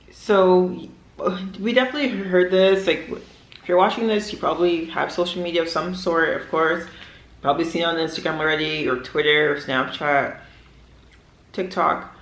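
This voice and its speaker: A young woman vlogging at home, chatting in a rambling way with many fillers while she eats. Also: fairly low pitch. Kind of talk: casual chat while eating. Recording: echoey room.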